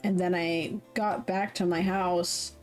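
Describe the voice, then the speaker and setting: A woman's voice: lowish voice, steady tone, slow, faint music behind. A young adult woman streaming a game, chatting casually in a giggly, rambling, self-deprecating way and reading the story aloud. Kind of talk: casual chat while playing a game.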